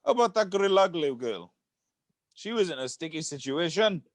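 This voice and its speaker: A young man with a higher voice that jumps around a lot. He jokes and rushes his words in a casual podcast chat. The sound is dry and close. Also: expressive, no echo. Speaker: podcast co-host. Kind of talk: casual chat among friends.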